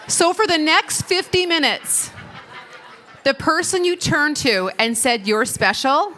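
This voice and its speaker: Woman doing a keynote, slightly high voice, jokey storyteller, laughs a lot and chats with the crowd. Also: pushed and bright, slight background noise. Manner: playful storytelling, often laughing and engaging the audience. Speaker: keynote speaker. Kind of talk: conference keynote. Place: conference stage before an audience. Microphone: stage microphone.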